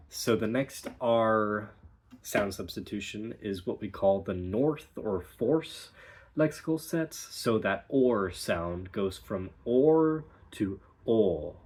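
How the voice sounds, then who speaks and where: Man, dialect coach, low-ish voice, very slow, word-by-word demos. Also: animated, a little mellow, husky. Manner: slow, deliberate, modeling vowel sounds word by word. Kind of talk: accent lesson with spoken demonstrations.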